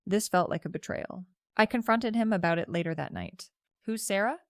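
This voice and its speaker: Woman storyteller, casual and self-justifying first-person narration, lowish pitch. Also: expressive, brisk, no echo, clean studio sound.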